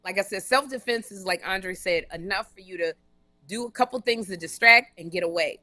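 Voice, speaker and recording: A woman co-hosting a comedy podcast live stream, telling a long story in an animated, run-on way with frequent restarts and blunt jokes. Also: mid-range voice, brisk. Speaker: podcast co-host.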